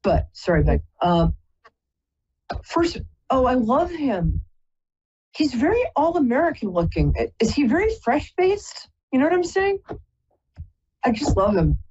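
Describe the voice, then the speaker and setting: A husky, fairly high-voiced woman talks a caller through a psychic reading on a live call-in show. She rambles and keeps breaking off to apologize. The sound is dull and lo-fi. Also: big pitch swings, unhurried, long pauses, a little mellow. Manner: chatty, rambling, often apologizing. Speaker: psychic reader and host.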